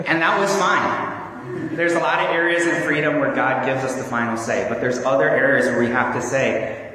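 A man's voice: mid-range voice, normal speed, pushed and bright. A man preaching a sermon in an earnest, conversational way with small fillers. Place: church hall. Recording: echoey hall from far off.

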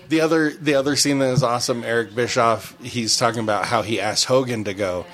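A man's voice: mid-range voice, brisk, fairly bright tone. A man hosting a casual comedy podcast, telling crude, jokey stories and laughing often. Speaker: podcast host.

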